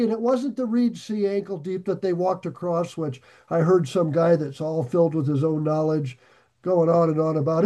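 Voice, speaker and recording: A man preaching a sermon, talking to his listeners in an easy, conversational way and slowing down to press home key phrases. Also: fairly high pitch, fairly even intonation, dark tone. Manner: emphatic, slows and rises to stress key phrases. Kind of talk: sermon on scripture.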